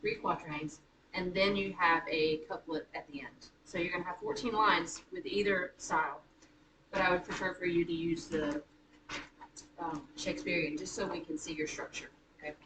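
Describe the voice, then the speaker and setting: A woman leads a high school writing class in a loose, teasing way, stopping to correct herself as she goes. She sounds distant from the microphone in a reverberant classroom. Steady noise runs under her voice. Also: moderate pace. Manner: chatty, self-correcting, teasing. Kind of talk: classroom teaching. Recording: echoey room, far from mic, noisy.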